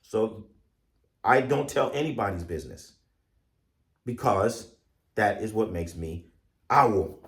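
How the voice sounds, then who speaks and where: A man serving as an Ifa priest teaches slowly and deliberately in a low voice. The pitch swings widely as he tells his myths. The recording sits in an echoey room. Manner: deliberate, animated storyteller. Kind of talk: spiritual teaching with storytelling.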